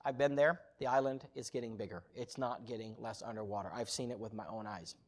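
A man preaching a sermon as a missionary, telling a story with animated, rising passion. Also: fairly low pitch, brisk.

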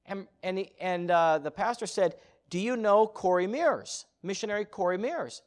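A man preaching a sermon as a missionary, telling a story with animated, rising passion. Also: high-pitched, normal speed.

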